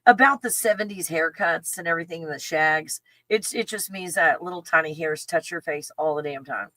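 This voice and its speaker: A woman's voice: low-pitched, normal speed, pushed and bright, no echo. A middle-aged woman chatting casually on a livestream in a rambling way, laughing often and talking to her dog. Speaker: channel host.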